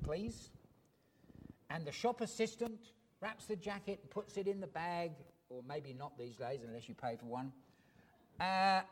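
Slow, lively high-voiced male preacher. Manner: emphatic, with rhetorical questions. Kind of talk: sermon.

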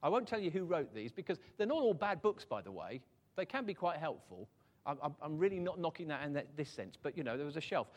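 A man gives a relaxed, conversational sermon in a notably high voice. He is self-deprecating, chuckles easily, and stumbles over repeated words as he thinks aloud. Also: fast talker. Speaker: preacher.

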